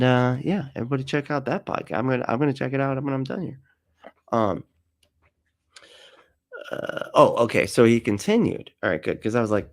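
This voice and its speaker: Sarcastic guy swearing and laughing thru a casual podcast rant. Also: medium pitch. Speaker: podcast host. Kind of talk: casual mocking commentary.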